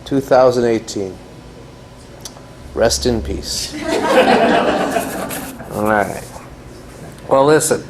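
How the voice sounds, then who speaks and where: A man's voice: medium pitch, extremely slow, pauses often, background noise. A man giving a conversational, joking after-dinner lecture as guest speaker in a large hall.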